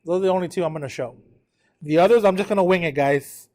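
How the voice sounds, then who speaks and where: A man's voice: high-pitched, fast talker, darkish tone. A tired man teaching a math class, talking students through a graph and checking in with them often. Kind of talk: live classroom lecture at a whiteboard.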